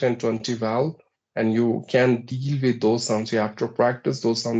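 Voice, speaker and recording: A man with an Indian English accent gives measured, step-by-step advice in an English practice conversation. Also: mid-range voice, a little mellow. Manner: measured, advisory, counts points off one by one.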